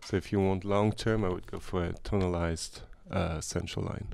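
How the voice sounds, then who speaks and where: A man with a gravelly voice answering audience questions at a medical talk, hesitant, in slightly non-native phrasing. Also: deep voice, fairly even intonation, normal speed, a little mellow, dry recording. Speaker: medical speaker.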